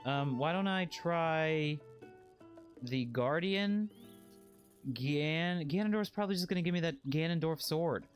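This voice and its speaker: A man streaming a video game, chatting in a playful, joking way and breaking into excited squeals. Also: a little high, measured pace, soft background music. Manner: puts on a put-on accent by habit. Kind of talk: casual let's-play commentary.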